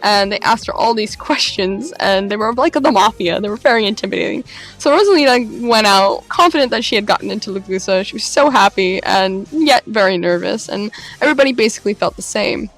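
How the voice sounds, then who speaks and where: Animated woman telling a story. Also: medium pitch, brisk, faint music behind. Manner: animated, dramatic retelling with laughs. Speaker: LARP vlogger. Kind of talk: casual storytelling.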